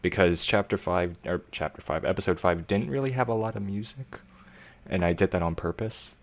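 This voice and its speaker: A man with a fairly low voice chatting casually on a podcast. He is laid-back and teasing. He stammers and restarts his sentences often. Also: fairly quick. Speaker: podcast co-host and editor. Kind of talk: casual group chat.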